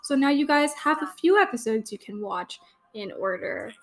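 A woman's voice: a little high, expressive, moderate pace. A young woman hosting a casual fan watch-along podcast, chatty and gushing, with lots of fillers. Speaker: podcast host giving watch-along commentary.

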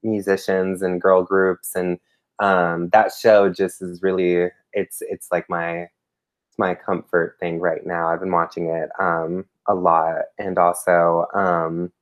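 A woman's voice: extremely low pitch, little pitch movement, takes it slowly. A woman co-hosting a pop culture podcast, rambling casually with many ums and restarts. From Texas. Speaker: podcast co-host. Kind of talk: casual chat.

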